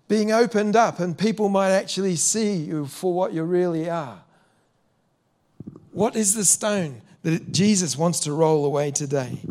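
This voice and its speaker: A man's voice: high voice, darkish tone. A man preaching a sermon, earnest, with some repeated words and direct questions to his listeners.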